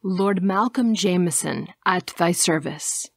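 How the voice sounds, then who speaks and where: A woman voicing a tall, mysterious nobleman who speaks slowly and softly in a courtly, old-fashioned way. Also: lowish voice, no echo, clean studio sound. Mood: wry. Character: deep-voiced tall mysterious nobleman, intense.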